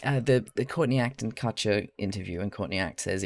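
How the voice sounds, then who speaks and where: A man's voice: on the low side, a little fast, hardly any pauses, no echo. An Australian man who streams live, talking casually and chattily to his chat while he crafts, rambling a little, laughing often and swearing freely.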